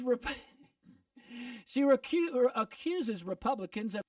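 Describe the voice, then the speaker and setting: A man hosting a casual radio talk show, upbeat and joking with quick asides. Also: very high-pitched, lively intonation, dry recording, studio quality, far from the mic. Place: radio studio.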